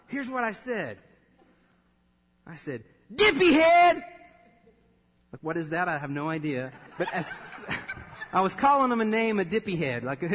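A man in his thirties preaching a sermon, telling a personal story with laughter and animated delivery. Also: high-pitched. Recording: long reverb of a large hall.

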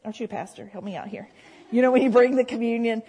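Woman, sermon, conversational preacher, breathy tone, church hall with long reverb. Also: fairly high pitch, quick pace, mellow. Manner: conversational, talks with the congregation.

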